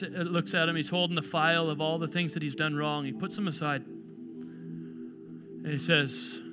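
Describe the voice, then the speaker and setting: A man preaching a sermon at a church service, earnest, building to emphatic repetition and easing back to a quiet prayer. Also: fairly high pitch. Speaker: pastor. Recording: clear music playing behind. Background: music.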